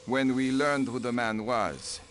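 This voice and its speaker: An actor playing a haughty aristocratic count in a video game, stiff and dismissive. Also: male voice, medium pitch, unhurried, fairly bright tone, slight background noise, close to an everyday voice. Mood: cold.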